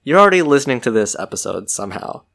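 A young man co-hosts a podcast, talking casually and often stopping himself mid-thought. His pitch moves around a lot while he rambles in a playful way. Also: sing-song, rapid-fire, vocal fry, a bit bright. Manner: rambling, self-interrupting, playful. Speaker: podcast co-host. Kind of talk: casual chat.

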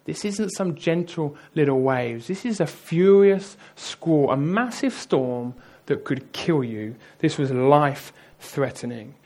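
Male preacher, fairly high voice, lively storyteller who talks straight to the room. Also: slow, few pauses. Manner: lively storytelling, addresses the audience directly. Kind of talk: sermon.

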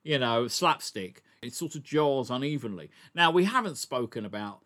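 A man's voice: mid-range voice, expressive, moderate pace, a bit bright. A man co-hosting a casual film discussion, opinionated and blunt, often stammering and restarting with "look". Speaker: podcast co-host.

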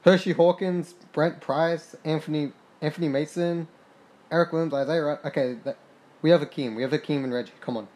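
A young man doing casual commentary on a basketball sim game, reading stats aloud, swearing freely and getting excited. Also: a little high, fairly quick. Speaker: gaming podcaster.

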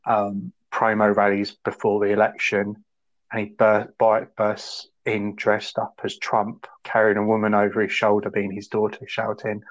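A man co-hosting a podcast, rambling casually and acting out quotes in sudden high voices. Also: flat delivery, normal speed, dull audio. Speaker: podcast co-host. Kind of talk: casual chat.

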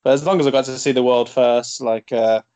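A man's voice: mid-range voice, steady tone, fairly quick, warm tone. A man hosting a casual podcast, rambling and joking. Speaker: podcast host. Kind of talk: casual chat.

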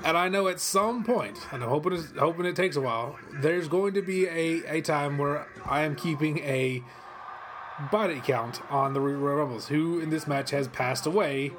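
Man, fairly high voice, rambling casual commentary, swears a lot, excitable outbursts, home office. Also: moderate pace. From western Kentucky, USA. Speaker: host. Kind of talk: casual watch-along commentary. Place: cold home office studio.

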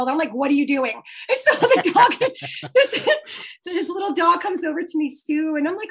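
A high-voiced woman tells a fan story with lively energy. She laughs often and acts out the lines she quotes in a bright, playful way. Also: moderate pace. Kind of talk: casual storytelling.

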